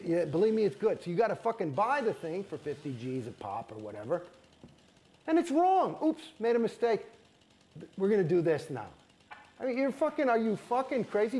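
A man's voice: sits high, vocal fry, darkish tone, slight background noise. A middle-aged man, a guest in an interview, telling a story in an emphatic, rambling and heavily profane way. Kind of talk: candid storytelling.

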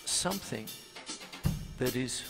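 Jokey man, drum teacher on a venue stage, lively up-and-down delivery, loud drum kit behind. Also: medium pitch, slow, vocal fry, in a large hall, over music. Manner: chatty and jokey, laughs often. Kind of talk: casual drum lesson demonstration. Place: music venue theatre stage.

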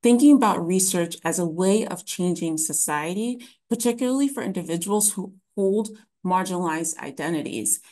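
A woman presenting an academic lecture in a webinar, explaining ideas in a measured way with frequent ums and restarts. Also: lowish voice, lively intonation, warm tone.

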